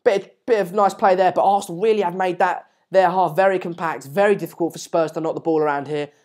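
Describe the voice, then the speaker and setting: A man's voice: high voice, fairly even intonation, quick pace, a little mellow. Man, live-stream host, casual match commentary, rambling, lots of fillers, pushes subscriptions. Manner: chatty and rambling, with many fillers and restarts; repeatedly urges viewers to subscribe.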